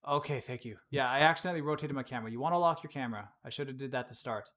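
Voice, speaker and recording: A man casually explaining his work on a live-streamed software tutorial, chatting and laughing at his own slips. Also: mid-range voice, rapid-fire. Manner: casual, laughs often, self-deprecating.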